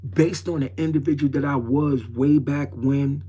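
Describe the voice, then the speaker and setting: A man's voice: medium pitch, steady tone, normal speed, mellow, breathy edge. A middle-aged man from New York City telling a personal story on a livestream, in a rambling, streetwise way that repeats its phrases. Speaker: livestream host. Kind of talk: casual storytelling.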